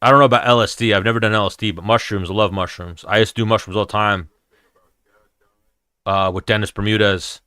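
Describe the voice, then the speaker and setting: A man's voice: on the low side, steady tone, fast, bright, forceful tone, clear, resonant tone, no room sound, clean studio sound. A man, hosting a casual MMA chat stream in a blunt, profane, rambling way. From New York, USA. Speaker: MMA show host answering chat.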